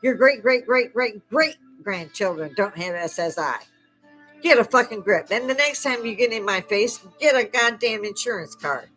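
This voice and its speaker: A woman's voice: mid-range voice, expressive, moderate pace, hardly any pauses, fairly bright tone, soft background music. An older woman delivering an angry, profane political rant, sarcastic and scornful, with bursts of mocking laughter. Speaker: livestream host.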